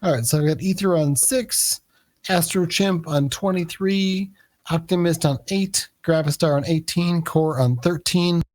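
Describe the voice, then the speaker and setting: A man narrating as game master of a tabletop game, pausing often with fillers. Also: a little high, a little mellow. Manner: hesitant, many fillers.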